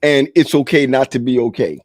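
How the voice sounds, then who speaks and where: A man's voice: mid-range voice, fairly quick, a little mellow, dry recording. Reflective man in a dry room. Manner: reflective, stammers on restarts. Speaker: panelist. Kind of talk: casual group chat.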